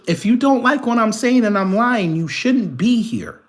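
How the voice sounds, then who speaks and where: A man hosting a live commentary stream, reading a news article aloud and firing back at viewers in chat. He talks in an animated, profane way and laughs often. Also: high voice, normal speed, a little hiss or hum. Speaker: commentary channel host.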